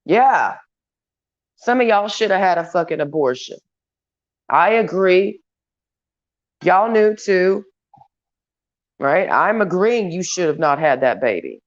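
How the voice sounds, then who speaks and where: Woman vlogger, low-pitched, blunt and foul-mouthed, rambling rant, dull lo-fi sound. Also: big pitch swings, slow, long pauses. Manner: crude, profane, blunt. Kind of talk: rambling stream-of-consciousness rant. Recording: dull lo-fi recording.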